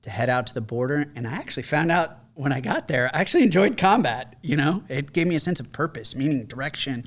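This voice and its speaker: An American man in his forties, a veteran guest telling stories in a casual interview, animated, acting out quotes with many fillers. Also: a little high, fast talker, hardly any pauses. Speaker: podcast guest, combat veteran.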